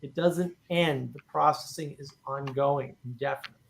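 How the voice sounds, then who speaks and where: A man hosting a casual discussion, animated and talking in bursts with many "right?" asides. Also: mid-range voice, moderate pace, creaky, slight background noise. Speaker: host.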